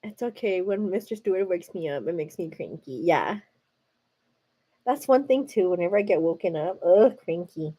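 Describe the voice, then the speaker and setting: With a fairly low, mellow voice that's slightly rough, a young American woman chats casually on her livestream at a normal speed. She sounds animated and uses "like" and "girl" constantly while talking with viewers.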